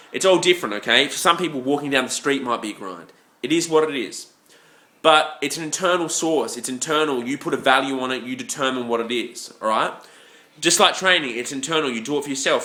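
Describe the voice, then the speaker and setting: A man's voice: mid-range voice, bright, forceful tone. A young Australian man ranting into the camera, blunt and heavily profane, rambling with many restarts and "you know" asides. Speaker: fitness vlogger. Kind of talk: ranting vlog monologue. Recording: echoey room.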